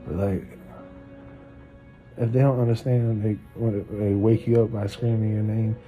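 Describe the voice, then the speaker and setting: A man in a hospital room talking casually as a patient, halting and complaining. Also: lowish voice, flat delivery, narrow, tinny audio, faint music behind.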